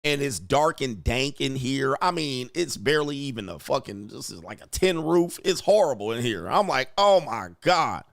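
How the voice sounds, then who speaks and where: A man hosting a casual livestream, reading chat comments and telling stories in a profane, animated way. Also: mid-range voice, moderate pace, creaky, few pauses. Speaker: host of a livestream show. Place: home studio.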